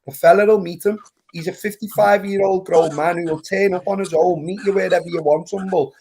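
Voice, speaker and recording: A man's voice: high voice, steady tone, fairly quick, vocal fry, darkish tone. A man calling into a livestream, ranting heatedly and repeating "look" and "right?". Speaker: caller on a livestream. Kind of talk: casual group call chat.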